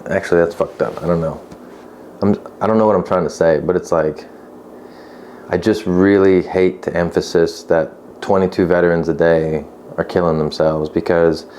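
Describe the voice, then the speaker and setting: A man's voice: deep voice, fairly even intonation, normal speed, darkish tone, a little hiss or hum. A man speaking unscripted to camera, sharing a personal testimony in a blunt, profane, tough-love way. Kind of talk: unscripted direct-to-camera talk.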